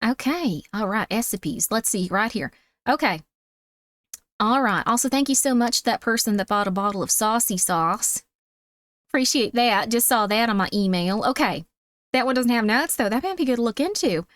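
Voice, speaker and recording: A young woman streamer with a squeaky voice and a put-on Southern accent, chatting sweetly with viewers and calling them sweetie. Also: lively intonation, moderate pace, a bit bright, dry recording. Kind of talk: casual livestream chat.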